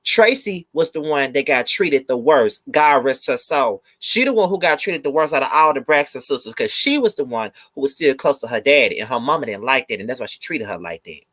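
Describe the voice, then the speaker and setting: A man's voice: mid-range voice, sing-song, a little fast, few pauses, fairly bright tone. Fired-up man ranting straight at viewers. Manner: emphatic, repetitive, talks straight to viewers; blunt, swears freely. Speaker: video host and reviewer. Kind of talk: live review rant.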